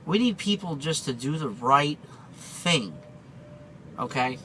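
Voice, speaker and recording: A man's voice: on the high side, lively intonation, takes it slowly, fairly bright tone, slight background noise, rough recording. A man, a truck driver, telling a story in a casual vlog, rambling and chatty with lots of fillers and restarts.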